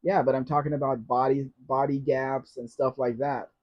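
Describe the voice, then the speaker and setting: A man's voice: medium pitch, flat delivery, moderate pace. A man hosts a live question-and-answer stream, reading viewers' comments aloud and answering them. He talks in a chatty way and slips in dry jokes. The audio is dull and lo-fi, like a basic stream setup. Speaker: host.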